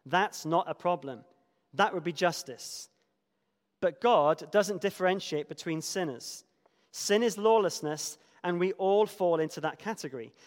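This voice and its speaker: Preacher guy reading a story out loud in his sermon, kinda high voice, big echoey hall. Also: unhurried. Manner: expressive reading, shifting between soft hushed lines and emphatic ones. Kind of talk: sermon with a dramatic reading from a book. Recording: long reverb of a large hall.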